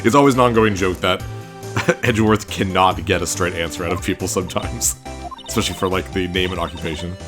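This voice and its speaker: A man's voice: low-pitched, fairly quick, fairly bright tone, soft background music. A man hosting a let's play, chatting casually and joking as he reads through the game. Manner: jokey, chatty, laughs often. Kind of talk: casual gameplay commentary.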